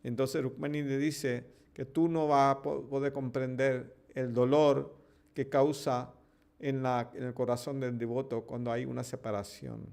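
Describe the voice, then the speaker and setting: A man teaching a devotional scripture class, stopping to translate himself line by line, with halting restarts. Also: medium pitch, flat delivery, vocal fry, darkish tone. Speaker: preacher.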